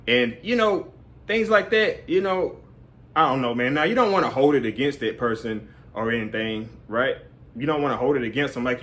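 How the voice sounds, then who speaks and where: A man's voice: mid-range voice, a bit bright. A man giving casual advice in a rambling way, full of fillers. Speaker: vlogger.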